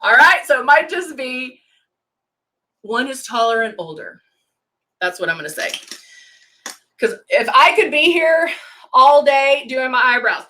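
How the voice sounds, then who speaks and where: A woman's voice: high voice, lively intonation, a little slow, pauses often, pushed and bright. A middle-aged woman hosting a makeup live stream, chatting casually as she works and greeting viewers by name. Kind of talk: casual demo chat.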